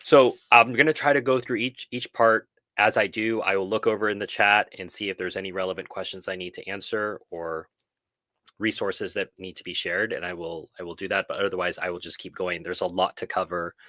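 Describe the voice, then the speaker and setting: A man's voice: low-pitched, steady tone, brisk, sharp tone, no echo. Earnest man hosting a live stream. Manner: earnest, reflective, frequent self-corrections. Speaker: host of a film club live stream. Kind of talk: casual live stream discussion.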